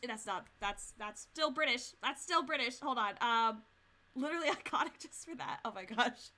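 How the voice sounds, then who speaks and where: A woman's voice: high voice, animated, a little slow, sharp tone. Chatty young woman playing a game. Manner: chatty, giggly asides. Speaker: streamer. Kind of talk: casual let's play commentary. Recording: game music behind.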